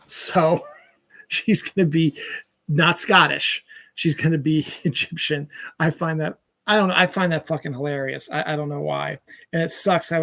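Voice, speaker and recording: A man's voice: fairly high pitch, gravelly, a bit bright, no room sound. A middle-aged man hosting a casual solo podcast, rambling through entertainment news with frequent swearing and lost trains of thought. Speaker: podcast host.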